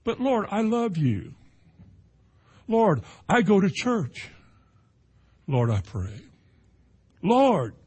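Preacher plays an anxious disciple, husky, pleading, a bit high. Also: male voice, wildly swooping pitch, very slow, pauses often, a little mellow, full character voice. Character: worried male disciple pleading with his master.

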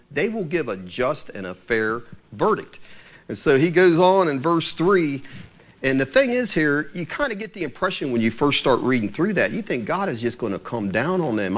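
A man preaching in a conversational Bible-teaching style, explaining verse by verse, asking his listeners questions and chuckling now and then. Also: mid-range voice.

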